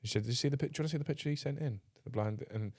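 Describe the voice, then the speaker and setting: A man with a North East English accent, chatting as a comedy podcast co-host. He tells stories in a rambling, stop-start way, laughing as he goes, and swears freely. His voice sits at an ordinary middle pitch. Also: racing, a little mellow. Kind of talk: casual chat.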